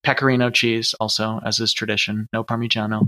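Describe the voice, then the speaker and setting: A man, a guest chef, chatting casually and telling lively stories with acted-out dialogue. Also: lowish voice, quick pace, slight background noise. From United States. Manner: lively storyteller, acts out dialogue. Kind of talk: casual chat.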